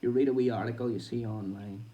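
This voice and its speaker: A man's voice: medium pitch, steady tone, quick pace, warm tone, distant mic, lo-fi sound. A man hosting a boxing show, reading news aloud and breaking off into chatty, sweary asides with laughing comments.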